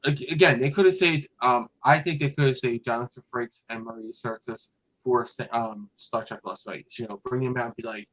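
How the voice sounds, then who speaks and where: A man's voice: mid-range voice, brisk, a bit bright, muffled recording. A man hosting a casual fan podcast, talking in a rambling way with lots of fillers and restarts. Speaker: podcast host.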